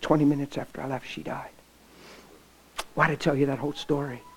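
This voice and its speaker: In poor audio with slight background noise, a middle-aged male preacher speaks a little fast in a mid-range, somewhat bright voice with little pitch movement. His sermon is an emotional personal story where he acts out conversations and often lowers to a near whisper.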